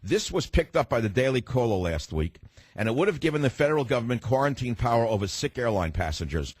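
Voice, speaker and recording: A man's voice: medium pitch, sing-song, fast, breathy edge, no echo. Combative male talk radio host, dry sound. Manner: combative and emphatic, cuts off callers. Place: radio studio.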